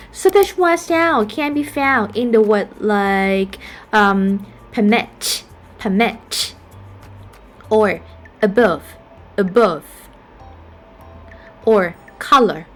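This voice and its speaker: A woman who speaks English as a second language, teaching a phonetics lesson and saying each example word twice with care. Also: fairly high pitch. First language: not English. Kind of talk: slow spoken lesson.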